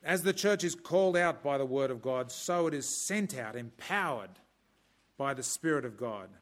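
A man preaching a sermon in a measured, emphatic way, breaking off now and then for dry humorous asides. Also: medium pitch, expressive.

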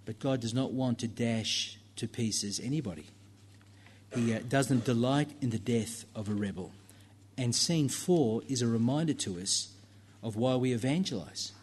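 A man's voice: mid-range voice, normal speed, a little mellow, breathy edge. A man preaching a sermon in a church, talking conversationally with fillers and asides to the congregation.

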